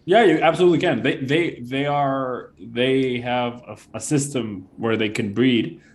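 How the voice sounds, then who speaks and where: Laid back guy running a d&d game, talks slow, laughs and apologizes a lot. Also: medium pitch. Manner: laughs easily, apologetic restarts. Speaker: game master. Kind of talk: running a tabletop game, casual chat.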